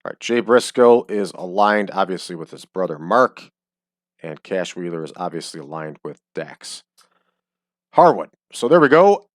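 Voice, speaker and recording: Hiccuping through a let's-play, a game streamer jokes and relies heavily on ums. His low voice swings widely in pitch at a moderate pace, and the desk microphone captures it dry with clean studio quality.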